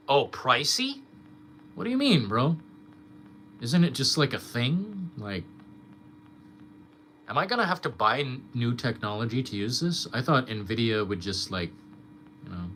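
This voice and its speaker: A man's voice: mid-range voice, sharp tone, a little hiss or hum. A young man streamer ranting in casual chat, swearing a lot and mocking his critics.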